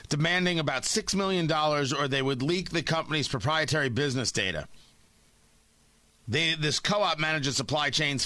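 Sarcastic, animated radio host man. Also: mid-range voice, dry recording. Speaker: radio talk show host. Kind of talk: talk radio monologue.

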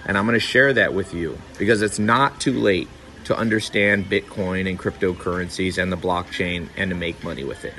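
A man reading a promotional pitch for his own course with an urgent, salesy delivery. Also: fairly bright tone, slight background noise. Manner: urgent salesy delivery, repeating the web address. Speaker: podcast host reading an ad.

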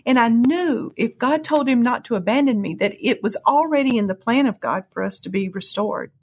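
A woman recounting a personal testimony in an interview. Her voice is soft and breathy, with an earnest, storytelling flow. At emotional moments it climbs sharply upward. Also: normal speed. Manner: earnest storytelling, swings to high cries when reliving moments. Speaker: guest sharing testimony.

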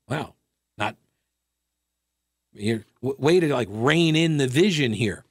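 A man's voice: lively intonation, slow, pauses often, no echo, studio quality. A man hosting a radio talk show, delivering a sarcastic solo monologue with mocking asides. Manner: sarcastic, mocking asides, wide pitch swings.

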